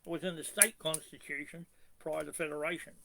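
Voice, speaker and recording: This male commentator's voice is fairly high, creaky, bright and forceful, with mostly even intonation, and the recording is poor. He haltingly reads legal clauses out loud and then fights them, firing off pointed rhetorical questions to rebut a constitutional expert.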